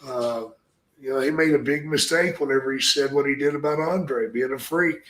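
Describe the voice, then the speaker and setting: A man, a retired pro wrestler, telling gruff, profanity-laced stories in casual podcast chat. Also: mid-range voice, moderate pace, a bit bright, echoey room. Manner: gruff, profane, rambling anecdotes.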